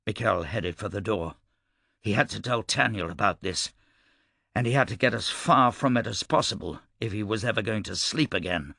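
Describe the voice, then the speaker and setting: Low and gravelly, this male audiobook narrator tells the scripted story with steady, measured pacing. The recording is dry and close-miked, with no room around the voice.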